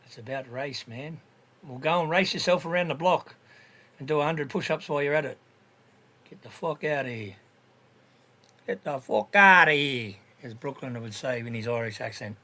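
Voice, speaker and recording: A man's voice: medium pitch, fairly quick, fairly bright tone. An Australian man in casual voice chat, talking bluntly with slang and heavy swearing. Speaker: livestream voice chat participant.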